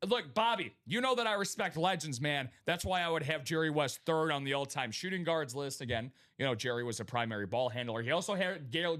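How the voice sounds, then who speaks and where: Man, live-stream host, energetic, hype-style, slightly high voice. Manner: energetic, hype-style, greets viewers by name. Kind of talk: casual live-stream chat.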